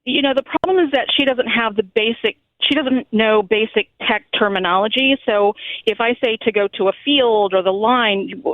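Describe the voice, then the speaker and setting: A woman's voice: a little high, normal speed, no echo. A woman calling a radio show who speaks hesitantly, with some fillers. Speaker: caller. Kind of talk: phone-in call. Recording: tinny phone line.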